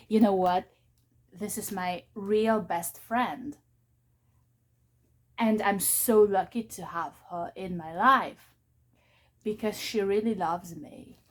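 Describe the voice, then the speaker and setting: Slow-talking rambling woman vlogger. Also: medium pitch. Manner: emotional, rambling, with halting restarts. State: unwell, recovering from side effects. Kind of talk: casual unboxing vlog.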